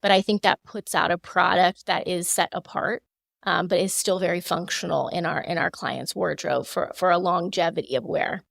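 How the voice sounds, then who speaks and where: A woman in her thirties, a fashion designer, answering interview questions in a measured, polished way with frequent fillers, close to the mic. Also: lowish voice, fairly even intonation, vocal fry, no room sound. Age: 30s. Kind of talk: podcast interview.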